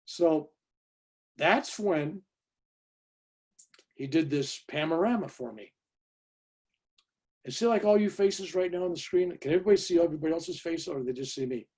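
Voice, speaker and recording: A man's voice: fairly high pitch, normal speed, pauses often, slightly rough. A man in his seventies, speaking on a video call from home, tells a personal story with emphatic energy and keeps asking "right?" to check in with his listeners. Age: 70s. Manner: emphatic, lively, tag questions. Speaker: guest speaker.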